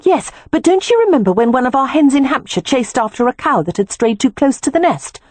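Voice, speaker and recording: Lady narrator doing a sweet earnest young animal-loving girl, lifted up voice, mellow and breathy. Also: high voice, expressive, fairly quick, dry recording, voice pushed up. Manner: earnest, gentle and matter-of-fact. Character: earnest young woman who loves animals.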